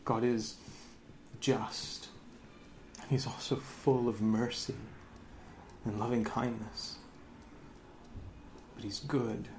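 A man in his thirties, a pastor giving a lively sermon, laughing often and dropping into sarcasm. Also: medium pitch, takes it slowly, pauses often, slight background noise.

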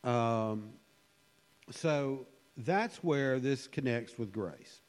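Slow, musing preacher in a reverberant hall. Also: male voice, mid-range voice. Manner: unhurried, musing, with frequent fillers. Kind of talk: conversational sermon.

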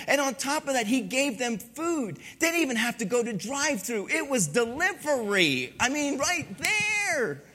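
Bright-voiced, animated male pastor. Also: very high voice. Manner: animated, swings from hushed to loud, humorous asides. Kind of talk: sermon.

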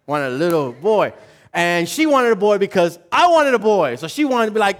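Animated man preaching a casual sermon. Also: sits high, normal speed. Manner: animated, animated storytelling with acted-out voices; casual slangy delivery. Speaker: pastor. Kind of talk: conversational sermon.

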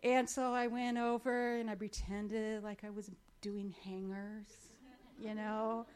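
Woman, testimony speaker on stage; animated storyteller, plays out dialogue, chatty fillers, mid-range voice. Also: medium pitch, takes it slowly, clean tone. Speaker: speaker sharing a personal faith story.

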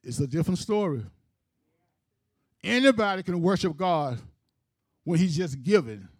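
A male preacher with a high-pitched voice delivers a sermon in emphatic, rhythmic phrases. He tells the story as he goes. The recording is close and dry. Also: expressive, moderate pace, slightly rough, dry recording.

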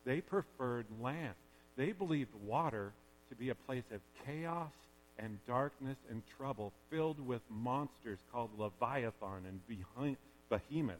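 Animated pastor in a reverberant hall. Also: male voice, medium pitch. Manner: conversational and animated, often adding "okay?". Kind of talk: sermon. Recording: long reverb of a large hall.

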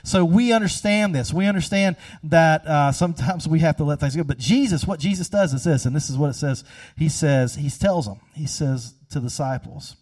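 A man preaching a sermon, telling a story and swinging between hushed, slow passages and loud, emphatic ones. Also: on the high side, far from the mic. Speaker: pastor.

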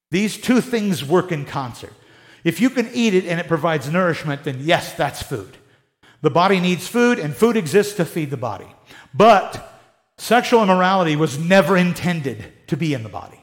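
A man's voice: a little high, moderate pace. A man teaching the Bible in a casual, conversational way, joking and acting out the people he talks about. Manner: animated, joking, acts out quotes in voices.

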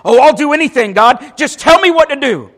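A man voicing a desperate man clinging to a branch on a cliff, panicked and shouting for help. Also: very high-pitched, expressive, fairly quick, pitched above the performer's own voice, exaggerated voice. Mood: pleading.

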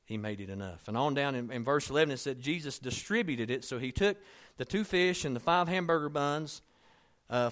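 A man preaching a sermon in a conversational, storytelling way, dropping to soft asides and rising to emphatic points. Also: mid-range voice. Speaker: pastor.

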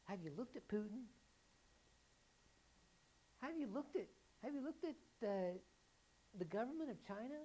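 A woman preaching a sermon who keeps asking the listeners questions and builds to loud, emphatic peaks. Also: on the high side, animated, a little slow, long pauses, breathy edge, rough recording.

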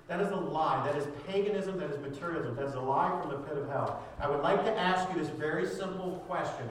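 A male pastor preaching a sermon with fervor, often raising his voice at the high points. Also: fast talker, hardly any pauses, a little hiss or hum. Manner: fervent, rising to raised voice at climaxes. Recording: echoey room heard from a distance.

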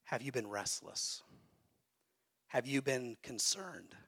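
A man who is a pastor, preaching a sermon to a congregation and swinging between hushed, soft phrases and loud, emphatic peaks. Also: medium pitch, animated, slow, vocal fry, breathy edge. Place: church sanctuary.

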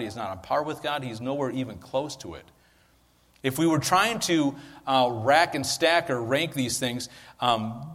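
Speaking in a large hall, a man with a medium, slightly bright voice gives a casual sermon as pastor on a handheld or stand mic. He frequently checks in with listeners by asking "right?"

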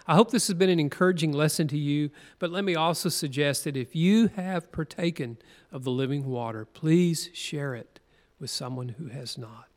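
A man's voice: a little high, normal speed. Earnest preacher man in a reverberant hall. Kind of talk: sermon, reading scripture aloud.

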